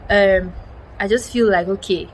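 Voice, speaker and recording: A young woman from Cameroon tells a story to camera in a lively, exclamatory way and acts out the lines of the people in it. Her voice sits at an ordinary middle pitch. Steady background noise runs under the recording. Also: measured pace. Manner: animated, exclamatory retelling with quoted dialogue. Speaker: vlogger. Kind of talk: storytelling vlog.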